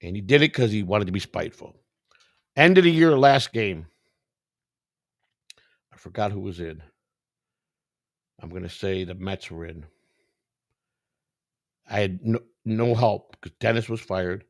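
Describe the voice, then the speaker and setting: Seated indoors on a sit-down set, a man recounts a story from his own past in casual chat, swearing freely and acting out others' dialogue. His voice is on the low side with lively intonation, a measured pace, and long pauses. The studio sound is clean, with no room sound.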